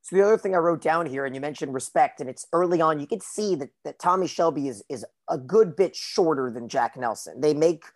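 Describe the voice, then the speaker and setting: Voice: medium pitch, lively intonation, fairly quick, hardly any pauses. A podcast co-host recapping a TV episode in loose, casual chat, peppered with filler words.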